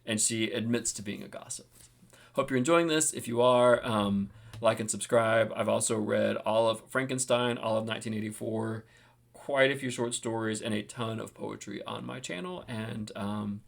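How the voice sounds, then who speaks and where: A man's voice: lowish voice, normal speed, gravelly. A man hosting a book-reading channel, giving casual, enthusiastic commentary with frequent fillers.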